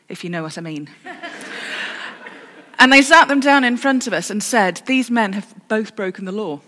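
A woman's voice: medium pitch, fairly bright tone. Woman preaching in a reverberant church. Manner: storytelling with self-corrections and dry humour. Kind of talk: sermon.

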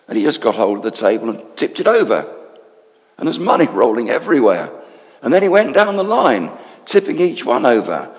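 A man playing an animated temple councillor. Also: mid-range voice, a little fast, big-room sound. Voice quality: animated, confiding storytelling. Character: male temple council member confiding to a friend. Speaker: storyteller in character. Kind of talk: dramatic monologue.

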